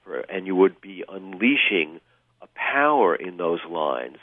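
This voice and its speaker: Deep-voiced man talking over a phone line. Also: big pitch swings, a little slow, no room sound. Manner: thoughtful, many fillers and restarts. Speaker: author and guest. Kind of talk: radio interview, explaining at length. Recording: tinny phone line, dry.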